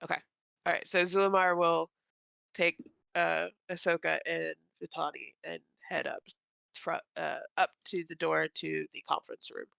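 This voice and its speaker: A man's voice: on the high side, little pitch movement, moderate pace, creaky, bright, forceful tone, clean tone, no echo. A man playing a tabletop game, sorting out who goes where. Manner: organizing the group. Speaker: player. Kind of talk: casual tabletop game chat.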